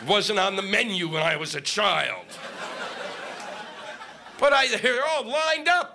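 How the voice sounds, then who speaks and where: A man's voice: sits high, very animated, slow, vocal fry, long pauses, sharp tone, some chatter behind, a little hiss or hum. A male stand-up comic doing a profane, ranting set on stage into a microphone. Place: comedy stage with audience laughing.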